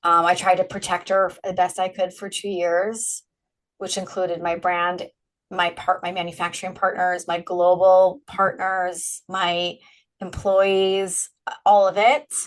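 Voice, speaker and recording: A woman's voice: lowish voice, level tone, measured pace, poor audio. A middle-aged woman being interviewed, talking frankly and animatedly and laughing often. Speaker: guest, brand founder. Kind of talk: candid interview conversation.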